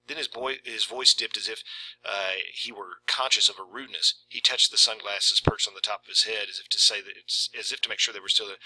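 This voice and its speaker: A man's voice: on the low side, steady tone, fairly quick, pushed and bright, breathy edge, poor audio. A man casually discussing a short story and reading passages aloud. He talks conversationally, with frequent "right?" asides. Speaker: literature video presenter.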